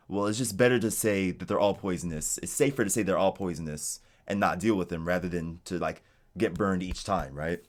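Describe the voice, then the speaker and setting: An American man in a casual interview, talking in a relaxed, rambling way with lots of "like". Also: deep voice, fairly quick. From United States. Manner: relaxed, rambling, heavy use of "like". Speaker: interviewee, game designer in Japan. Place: home streaming setup.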